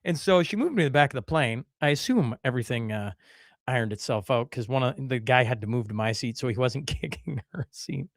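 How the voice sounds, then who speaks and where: A man's voice: mid-range voice, expressive, fairly quick, dry recording, studio quality. A man hosting a podcast, telling a story in a casual, rambling way full of fillers and restarts. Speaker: podcast host.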